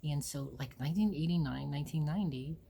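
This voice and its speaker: Gravelly, low-voiced woman telling stories. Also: quick pace, mellow. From Ohio, USA. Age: 40s. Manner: rambling, candid, swears freely, acts out quotes. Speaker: host. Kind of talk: casual personal storytelling.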